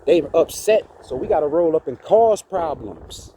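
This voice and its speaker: A man with a high, swooping voice delivers an indignant, preachy rant into his phone outside a church. His tone is mellow and dark, and he circles back to the same points again and again. Faint traffic hums behind him. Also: lively intonation, normal speed. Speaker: vlogger. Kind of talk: ranting monologue to camera.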